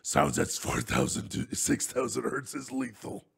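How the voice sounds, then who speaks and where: A man voicing a hulking, menacing alien symbiote monster in a comedic fan reenactment, with a deep gravelly growl. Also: very animated, measured pace, full character voice.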